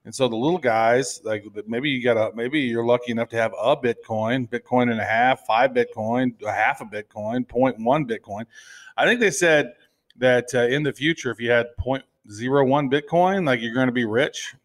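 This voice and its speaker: This is a crypto show co-host, a man whose medium-pitched voice moves at a moderate pace. His easygoing talk wanders playfully and is packed with fillers and restarts.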